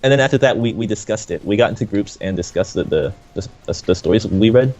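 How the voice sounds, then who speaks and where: Teen male gamer, lowish voice, dull lo-fi mic, faint music. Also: expressive, quick pace, darkish tone. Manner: hesitant rambling with many fillers and restarts. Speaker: gamer chatting while playing. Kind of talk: casual chat.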